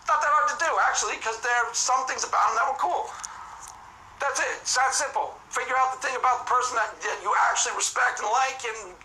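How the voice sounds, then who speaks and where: A man's voice: very high voice, fast talker, bright, forceful tone, a little hiss or hum. A man in a casual, rambling vlog monologue who talks emphatically, repeats himself and keeps swearing to God, recorded with poor sound. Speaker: vlogger. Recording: echoey room, faint music.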